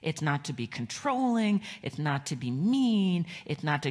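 A middle-aged woman pastor giving a children's sermon in a church, gentle and conversational, asking the children questions. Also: low-pitched, very animated, measured pace. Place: church sanctuary.

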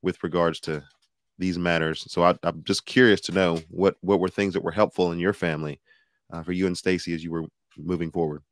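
A man hosting a podcast, asking his guest questions in a measured, deliberate way. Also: deep voice, little pitch movement, no room sound, studio quality. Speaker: podcast host. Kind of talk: interview questions.

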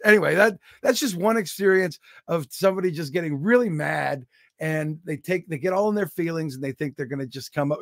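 Comedian guy, high gravelly voice, animated self-deprecating storytelling, dry close sound. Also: fast, dry recording. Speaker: comedian guest. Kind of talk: comic storytelling.

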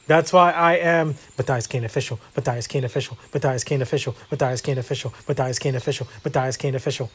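A man's voice: mid-range voice, fairly even intonation, quick pace, few pauses, slightly rough. A man hosting a casual gameplay video, chatting in a rambling, self-deprecating way with lots of fillers. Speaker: gaming video host.

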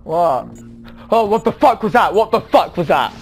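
A young man giving excitable let's play commentary on a horror game, swearing a lot and breaking into yelps and nervous laughter. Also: sits high, moderate pace, faint music behind. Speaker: gaming video host.

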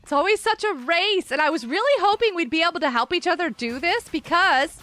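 Woman streamer, very high and lively, bright tone, excitable game chat. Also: fairly quick, hardly any pauses, faint music behind. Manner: excitable, cheers players on, frequent laughs. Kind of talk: live Minecraft stream chat.

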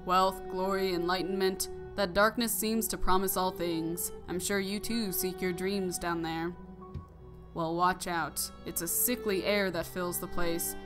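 A woman voicing a weary old male bug elder, reading his lines slowly and evenly. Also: on the low side, fairly even intonation, over music, natural voice.

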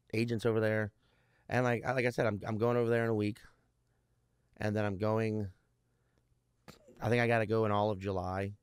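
A man's voice: fairly low pitch, smooth, no echo, clean studio sound. A male stand-up comedian guesting on a podcast, talking in a rambling, profane way with many restarts. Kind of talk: casual podcast interview.

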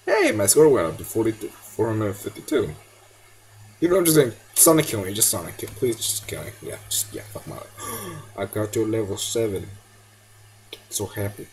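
A man's voice: on the low side, normal speed, a little hiss or hum, poor audio. A teenage boy giving casual gameplay commentary, yelping and pleading at the game and slipping into now and then. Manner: excitable, yelps and pleads at the game. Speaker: gamer.

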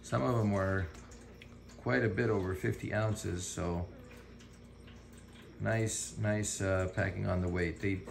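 A man's voice: fairly low pitch, fairly even intonation, slow pace, gravelly, pauses often. A man who breeds dogs, chatting casually on a vlog and talking fondly to puppies, filmed on a handheld camera indoors. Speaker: dog breeder. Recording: noisy home video.

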